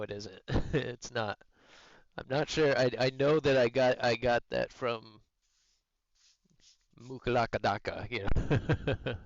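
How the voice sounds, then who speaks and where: A man's voice: lowish voice, smooth, no room sound, dull audio. A man streaming a game, chatting loosely with his viewers, teasing and joking. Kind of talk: casual chat while gaming.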